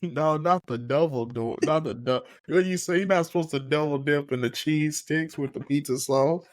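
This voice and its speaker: A man's voice: fairly high pitch, moderate pace, no room sound. Joking man chiming in, dry sound. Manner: playful, joking interjections. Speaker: podcast host. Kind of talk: casual chat.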